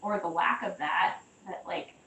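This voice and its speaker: A woman's voice: on the low side, measured pace. A middle-aged woman and mother, chatting casually in a group conversation over a video call and telling stories animatedly. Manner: chatty, animated storytelling with many fillers. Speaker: mother sharing parenting experience. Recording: roomy, distant mic with faint noise.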